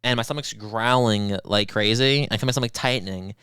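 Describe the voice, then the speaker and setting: A man's voice: on the low side, a little fast, clear, resonant tone, no room sound, studio quality. A young man co-hosting a podcast, telling crude stories in casual banter and acting out his own lines. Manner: crude, animated storytelling with acted-out self-quotes. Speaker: podcast co-host.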